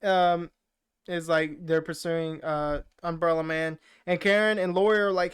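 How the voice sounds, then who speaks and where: A podcast co-host with a high, clear, resonant voice speaks at a moderate pace in a steady tone. He retells a movie plot casually and ramblingly, quoting lines along the way.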